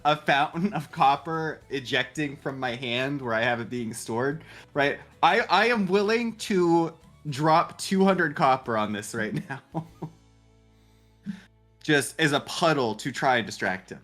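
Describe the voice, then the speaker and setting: A man's voice: a little high, expressive, unhurried, a bit bright, soft background music. A man playing in a tabletop game, talking in a rambling, hesitant way and laughing between phrases. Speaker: player. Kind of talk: casual tabletop game chat.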